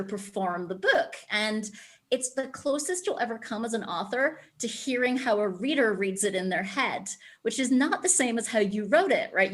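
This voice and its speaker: A woman's voice: mid-range voice, a bit bright. Chatty Scottish woman author. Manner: chatty and enthusiastic. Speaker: author guest. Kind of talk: reading her novel aloud, then interview chat.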